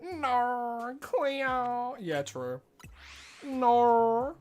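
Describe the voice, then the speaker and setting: Giggly Australian streamer, lively pitch. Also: extremely slow, faint music behind. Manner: laughs often, chatty and playful. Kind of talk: casual live-stream commentary.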